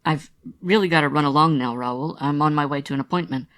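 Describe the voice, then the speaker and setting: A man's voice: on the high side, a little fast, fairly bright tone, natural voice. A man voicing an earnest young woman who is apologetic and reassuring in an audiobook reading.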